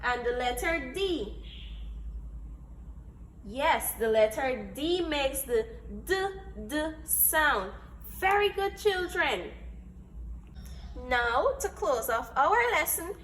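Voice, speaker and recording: A woman's voice: sits high, fairly bright tone, slight background noise. A woman teacher giving a phonics lesson to small children, patient and full of praise, repeating key words. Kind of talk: slow, deliberate classroom instruction to small children. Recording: echoey room.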